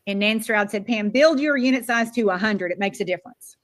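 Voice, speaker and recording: A woman's voice: medium pitch, fairly quick. An older woman from Florida giving a motivational speech as a sales director, acting out quoted dialogue. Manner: animated, acts out quoted dialogue.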